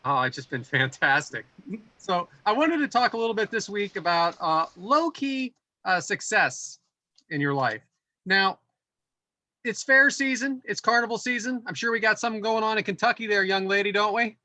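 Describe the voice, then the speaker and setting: A middle-aged man co-hosting a podcast, telling a casual story with animated build-ups and voiced quotes. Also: sits high, normal speed, no echo. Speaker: podcast co-host.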